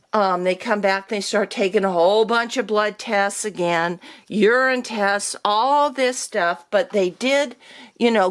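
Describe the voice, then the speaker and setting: A middle-aged woman recounting a family story in a relaxed vlog. She speaks slowly and unhurriedly, with a voice of ordinary middle pitch. Her telling grows animated as she acts out both sides of the exchanges. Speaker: vlogger.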